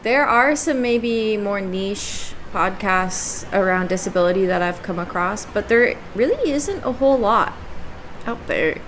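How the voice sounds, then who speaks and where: Slow-talking woman podcast co-host. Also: medium pitch, lively intonation, fairly bright tone, a little hiss or hum. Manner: thoughtful, frequent "like", laughs often. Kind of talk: casual chat.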